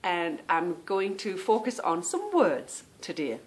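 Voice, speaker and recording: A woman's voice: lowish voice, big pitch swings, takes it slowly. A woman from England with a British accent, hosting a podcast in a chatty, meandering way that often trails off. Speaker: podcast host. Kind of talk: casual chat.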